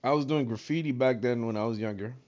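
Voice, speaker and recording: A man's voice: medium pitch, quick pace, lo-fi sound. A man from Brooklyn with a New York accent, a streamer telling a story to his chat in a casual, profane, streetwise way. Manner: profane and streetwise, gets loud and animated retelling events. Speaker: livestream host.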